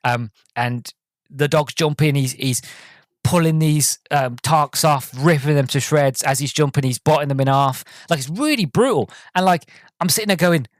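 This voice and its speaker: A man hosting a podcast, reviewing a movie in a rambling, excitable monologue full of stumbles and restarts. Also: medium pitch, normal speed, no room sound, studio quality. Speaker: podcast host.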